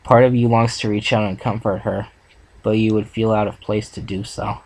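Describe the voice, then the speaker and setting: A man reading a second-person fan story aloud for a reaction video, steady with small restarts. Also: lowish voice, moderate pace, slight background noise, low-quality recording. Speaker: fan fiction reader.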